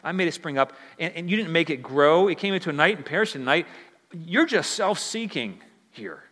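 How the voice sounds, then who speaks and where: A man voicing a patient God who calmly reasons with a prophet, in a reverberant hall. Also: a little high, brisk, pitched above the performer's own voice. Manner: calm, patient questioning.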